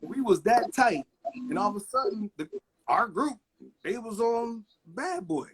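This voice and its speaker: A man's voice: very high-pitched, unhurried, a loud crowd. A middle-aged man, a record producer, telling stories in a casual interview and acting out the people he quotes. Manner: animated storyteller acting out quotes.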